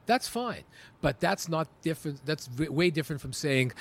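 A man's voice: on the high side, moderate pace, husky. Emphatic middle-aged man telling stories. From Canada. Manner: animated, emphatic, with many restarts. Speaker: entrepreneur guest. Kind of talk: interview storytelling.

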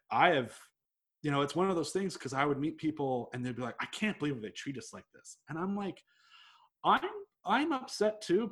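A man's voice: medium pitch, fairly bright tone. A young man, chatting casually and telling a long story, rambling with lots of "like" and swearing freely. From United States. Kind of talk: casual chat.

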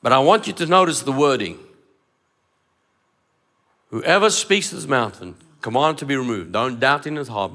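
A man's voice: mid-range voice, sing-song, normal speed, sharp tone. A man preaching a sermon, emphatic, repeating phrases and acting out dialogue. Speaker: pastor.

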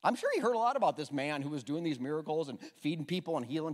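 A man's voice: fairly high pitch, rapid-fire, hardly any pauses. A man preaching a humorous sermon as pastor, joking and getting the congregation to repeat lines back. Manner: animated, jokey, asks the congregation to repeat lines. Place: church sanctuary. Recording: long hall reverb.

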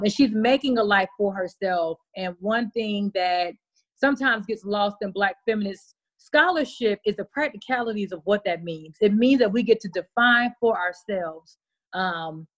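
Podcast guest: woman, casual and lively, acts out quotes. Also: medium pitch, lo-fi sound. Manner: animated, laughing, plays out reactions in voices. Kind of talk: casual conversation.

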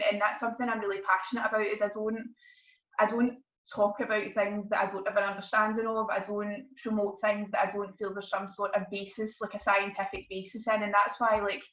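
A woman's voice: medium pitch, fairly bright tone. Earnest woman counsellor in a roomy space. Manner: earnest, reflective, passionate. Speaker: counsellor and meditation teacher. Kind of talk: casual interview talk. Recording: dull, roomy sound.

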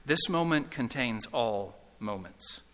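A man voicing a calm, stern male angel who speaks in measured, firm sentences. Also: mid-range voice, voice pushed down. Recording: reverberant hall.

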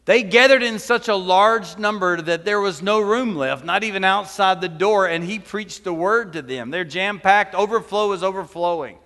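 Pastor guy giving a sermon, chatty and jokey, bright sharp voice, long echo in the church. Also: sits high, normal speed, hardly any pauses. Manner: conversational preaching with humorous asides. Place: church sanctuary.

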